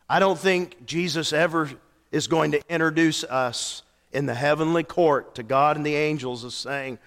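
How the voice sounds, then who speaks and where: A man preaching a sermon as pastor, telling stories and moving between hushed lines and animated ones. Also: on the high side, measured pace. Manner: storytelling, swings from hushed to animated. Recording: long hall reverb.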